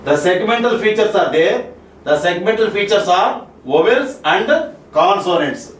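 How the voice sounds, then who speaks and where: A man with an Indian English accent giving a classroom lecture on spoken English, repeating each point and checking with "Okay?" and "Clear?". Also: high-pitched, animated, unhurried. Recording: roomy echo, mic far off, faint ambience.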